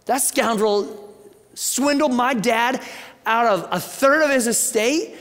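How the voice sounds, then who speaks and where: A man voicing a resentful, angry young older brother who shouts his complaints, in a sermon retelling. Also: very high voice, takes it slowly, pitched above the performer's own voice, exaggerated voice. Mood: belligerent. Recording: long church reverb.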